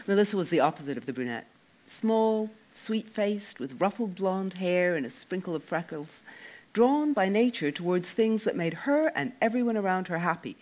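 A man reading a first-person novel, wry and expressive. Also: high-pitched, normal speed. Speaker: audiobook narrator.

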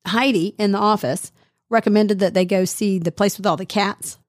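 A woman's voice: medium pitch, moderate pace, no room sound, clean studio sound. A middle-aged woman co-hosting a radio show, telling a story in casual chat and acting out the quotes. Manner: animated storyteller, acts out quotes.

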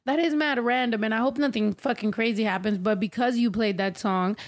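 A woman's voice: on the high side, a little fast. A young woman co-hosting a casual chat, rambling and swearing loosely, laughing often. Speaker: podcast co-host.

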